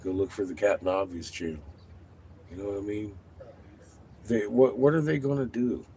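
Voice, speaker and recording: A man hosting his own channel, talking casually to viewers, animated and profane, laughing often. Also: fairly low pitch, moderate pace, slight background noise. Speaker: channel host.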